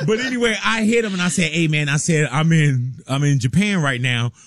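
Animated storytelling male radio host. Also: fairly high pitch, a little fast, a loud crowd. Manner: lively storyteller, laughs often. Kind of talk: casual radio chat, storytelling. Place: radio studio.

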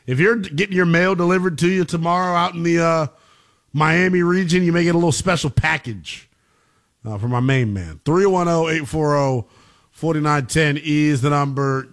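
A male sports radio host who talks casually and trades banter with his callers. His voice sits slightly high. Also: normal speed.

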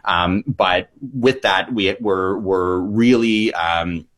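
A man's voice: low-pitched, drawn-out words, a bit bright. A man who works as an emergency physician, answering interview questions eagerly with frequent restarts.

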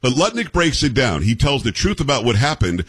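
A man hosting a talk radio show in a General American accent, animated, joking and opinionated. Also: medium pitch, a little fast, slightly rough, dry recording. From New York. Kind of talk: casual talk radio chat.

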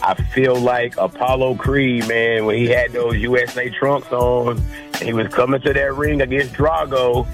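A man co-hosting a sports talk show, emphatic and theatrical, swinging from low grumbles to high exclamations. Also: little pitch movement, measured pace, soft background music, rough recording. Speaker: podcast co-host.

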